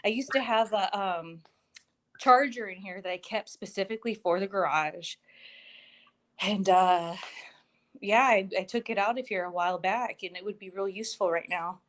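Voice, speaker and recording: A show co-host with a medium-pitched voice chats casually at a moderate pace by phone from her home garage. The recording is dry, and she's out of breath, laughing a lot and mocking herself.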